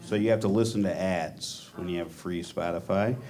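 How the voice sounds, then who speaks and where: Deadpan man doing stand-up. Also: low-pitched, normal speed. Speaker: stand-up comedian. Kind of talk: stand-up comedy set. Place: comedy club stage. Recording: live club audience. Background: laughing audience.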